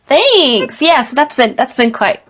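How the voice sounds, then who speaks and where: A woman's voice: high-pitched, sing-song, unhurried, fairly bright tone, slight background noise. Chatty Irish woman podcasting. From Ireland. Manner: chatty, rambling with restarts and laughs. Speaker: podcast co-host. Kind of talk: casual chat.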